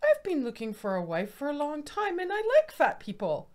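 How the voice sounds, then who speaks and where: A woman's voice: high-pitched, huge pitch swings, normal speed, darkish tone, slight background noise, pitched above the performer's own voice. A woman voicing a sly, greedy male fox who eagerly schemes, read as a storybook voice.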